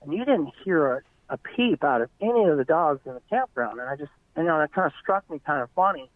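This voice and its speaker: A middle-aged man tells a long eyewitness story in an earnest, rambling way, his voice sitting a bit high. The sound is tinny and phone-like, with no room in it at all. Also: animated, quick pace, no echo. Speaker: eyewitness guest. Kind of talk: casual storytelling.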